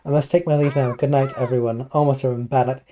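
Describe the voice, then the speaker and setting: A British man with a slightly hoarse voice, chatting casually and playfully with his live chat while gaming. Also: medium pitch, steady tone, quick pace, dark tone, slight background noise. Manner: rambling, playful, chatty asides. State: a little hoarse. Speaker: livestreamer.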